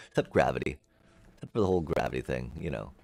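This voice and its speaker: A man streaming a building game, musing aloud to his chat in a relaxed way and making playful beep-boop noises as he works. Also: rumbling low, fairly quick, creaky, soft background music. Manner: chatty, musing aloud, makes beep-boop sound effects. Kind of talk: casual gameplay commentary to live chat.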